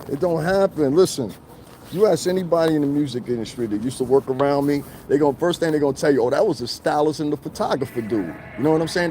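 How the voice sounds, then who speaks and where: A man talks to his livestream viewers from beside a street, mocking and confrontational, laughing often. His pitch swings widely as he rants, with a faint outdoor hum behind him. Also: mellow. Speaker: livestreaming vlogger. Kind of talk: casual livestream rant to viewers.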